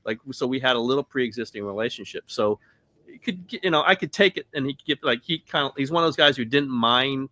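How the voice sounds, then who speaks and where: Man telling animated stories, bright dry voice. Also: mid-range voice, quick pace, no echo. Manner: animated, laughing anecdotes with quoted asides. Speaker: sports columnist guest. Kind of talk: casual podcast storytelling.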